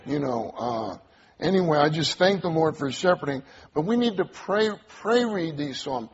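A man's voice: on the high side, animated, moderate pace, lo-fi sound. A man preaching a sermon, earnest, repeating key phrases and drawing responses from the congregation.

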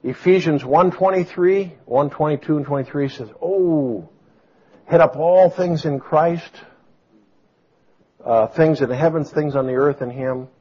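Husky guy preaching to a church, loud shouts then quiet story bits, kinda dull lo-fi audio. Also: moderate pace. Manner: animated, swings from booming exclamations to soft storytelling. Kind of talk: sermon. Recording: dull lo-fi sound.

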